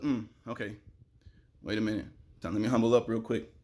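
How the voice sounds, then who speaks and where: A young man in a fast, excitable, rambling spiritual monologue to camera, sweating in the heat and breaking into sudden loud outbursts. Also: fairly low pitch.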